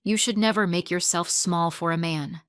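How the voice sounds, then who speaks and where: A woman's voice: lowish voice, fairly even intonation, normal speed, a bit bright, dry recording, studio quality, close to an everyday voice. A woman voicing a fierce, proud older mother who speaks emphatically.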